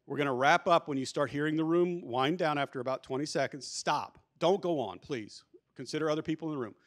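A man with a slightly high voice leads a conference workshop, speaking with energy and emphasis. He keeps it conversational and often restarts his sentences as he drives home his points. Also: a little fast, a bit bright. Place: conference hall. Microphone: handheld or lapel microphone.

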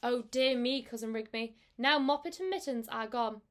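A woman's voice: fairly high pitch, a bit bright, natural voice. A woman doing a fretful, tearful mother cat. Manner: slow, fretful and plaintive.

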